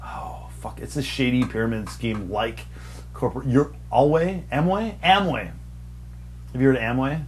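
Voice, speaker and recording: A young man hosts a loose podcast chat, spinning long stories in a rambling, profane and mocking way. His voice sits at an ordinary middle pitch. A faint hum runs under the recording. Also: normal speed. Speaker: podcast host. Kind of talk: casual storytelling chat.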